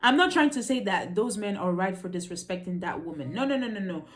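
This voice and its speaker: Lively exasperated young woman ranting. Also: medium pitch, fairly quick, soft background music. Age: young adult. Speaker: reaction video host. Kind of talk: reaction commentary.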